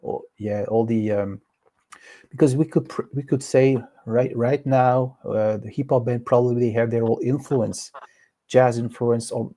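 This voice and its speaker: A man with a French accent answers questions in a relaxed interview. His voice is mellow, and he hesitates and circles back as he talks. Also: mid-range voice, measured pace. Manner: hesitant, many fillers and restarts. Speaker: guest.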